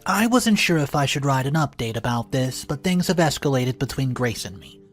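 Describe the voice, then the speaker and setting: A man narrating a first-person story aloud in an expressive, animated way. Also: medium pitch, normal speed, soft background music.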